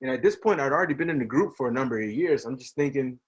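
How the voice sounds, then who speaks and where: A man's voice: medium pitch, rapid-fire, slightly rough, dull audio. A man, a singer as guest, chatting casually in an interview and acting out quotes as he tells stories. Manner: animated storyteller, acts out quotes.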